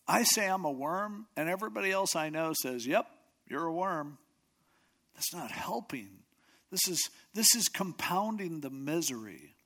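Expressive man preaching a casual sermon. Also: fairly high pitch, normal speed. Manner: conversational, expressive, acts out quotes.

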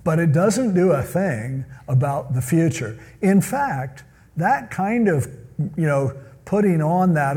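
A man's voice: fairly high pitch, expressive, takes it slowly, a little mellow, husky. A man preaching a sermon in a conversational way, often acting out the people he quotes. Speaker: pastor.

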